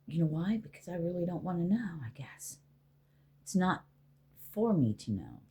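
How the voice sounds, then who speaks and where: A woman's voice: lowish voice, big pitch swings, moderate pace, dark tone, slightly rough. A middle-aged woman, a spiritual healer, rambling casually and with profanity as she talks to spirits aloud.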